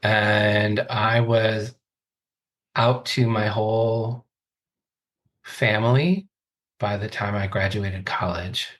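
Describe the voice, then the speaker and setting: A man's voice: on the low side, fairly even intonation, slow pace, pauses often, a bit bright. A man in his forties, a coach, telling his life story as a podcast guest in a thoughtful, earnest way. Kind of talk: reflective interview talk.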